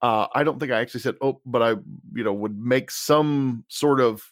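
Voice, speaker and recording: A man's voice: medium pitch, moderate pace, no echo, clean studio sound. A man co-hosting a casual sports podcast, speaking tentatively and trailing off and restarting his sentences. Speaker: podcast co-host.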